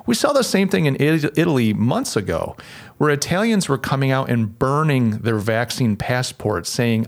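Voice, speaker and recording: A man with a gravelly, rough-edged voice at a middle pitch delivers solo podcast commentary as the host. He leans on sarcastic, mocking asides as he talks. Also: lively intonation, moderate pace.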